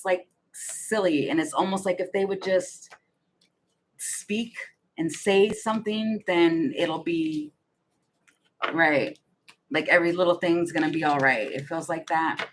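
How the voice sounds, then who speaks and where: Musing low-voiced woman reading tarot. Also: fairly bright tone, slight background noise, low-quality recording. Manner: musing, hesitant, restarts often, giggly. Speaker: tarot reader. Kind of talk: casual tarot reading monologue.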